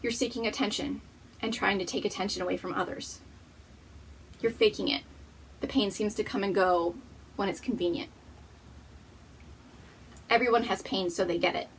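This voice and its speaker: A woman's voice: medium pitch, steady tone, moderate pace, long pauses, a little hiss or hum. A woman hosting a knitting podcast, talking casually to camera in an earnest, encouraging way, and cooing to her pet.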